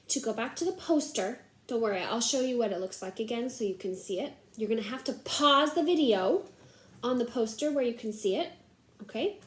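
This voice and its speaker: A woman teacher giving young students an assignment in an upbeat, encouraging way. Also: a little high. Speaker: classroom teacher. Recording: echoey room.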